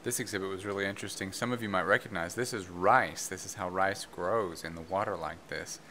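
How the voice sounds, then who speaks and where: A man's voice: low-pitched, steady tone, brisk, sharp tone, a little hiss or hum. A man hosting a casual plant vlog, talking in a friendly, conversational way with the odd "uh". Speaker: vlog host. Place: botanical garden greenhouse.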